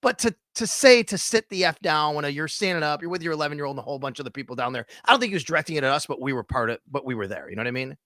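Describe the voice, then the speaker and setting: A middle-aged man, hosting a casual sports podcast and retelling stories with animated detail. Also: on the high side, rapid-fire, hardly any pauses, dry recording, clean studio sound. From Western New York. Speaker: podcast host.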